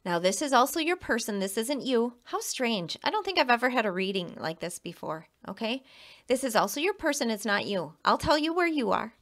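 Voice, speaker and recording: A woman's voice: on the high side, big pitch swings, fairly quick, fairly bright tone. A woman giving a casual tarot reading to the camera, emphatic and repeating herself, with a frequent "okay?". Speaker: tarot reader.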